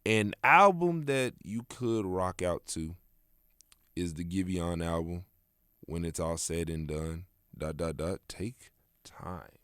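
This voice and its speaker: A man's voice: low-pitched, slow pace, fairly bright tone, clear, resonant tone, no room sound, studio quality. A young man hosting a casual solo podcast, rambling in a laid-back, slangy way with plenty of fillers. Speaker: podcast host.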